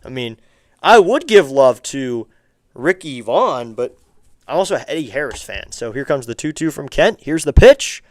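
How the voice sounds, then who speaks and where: A man's voice: mid-range voice, big pitch swings, moderate pace, no room sound, clean studio sound. A man doing casual play-by-play of a baseball game for a live stream, chatting with viewers and asking them for likes and subs.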